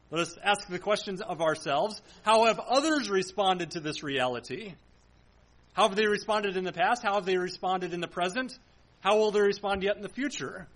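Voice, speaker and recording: Male pastor, high-pitched, earnest sermon delivery with searching rhetorical questions, church setting. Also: fairly bright tone, rough recording. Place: church sanctuary.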